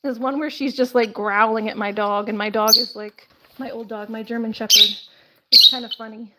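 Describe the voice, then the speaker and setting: A woman's voice: on the high side, steady tone, moderate pace, very noisy. Chatty woman streaming with her pets. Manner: chatty, laughs often, baby talk to her birds. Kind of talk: casual live stream chat.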